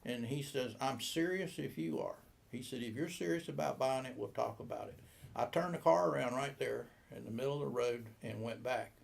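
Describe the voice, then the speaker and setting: Older man in his 70s, gravelly, rambling interview storyteller who voices the other people in his tales. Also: mid-range voice, brisk. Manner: rambling anecdotal, acts out quoted dialogue. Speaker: boat shop owner.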